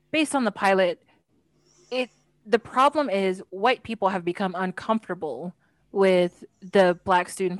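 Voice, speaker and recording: A woman speaks emphatically in a casual discussion, restarting her sentences and using many fillers. Her voice sits at a middle pitch. The sound is dry, with no room echo.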